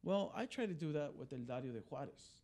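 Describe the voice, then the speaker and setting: An immigration attorney briefs reporters in a press club briefing room, talking in a conversational, story-telling way packed with fillers and restarts. His voice is a little high, expressive and mellow, and he speaks fast.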